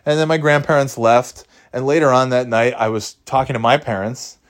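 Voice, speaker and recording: A man telling a personal story in a relaxed, conversational way, with lively swings in his voice as he acts out what each person said. He laughs often and breaks into chuckles mid-sentence. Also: medium pitch, moderate pace. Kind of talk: casual anecdote.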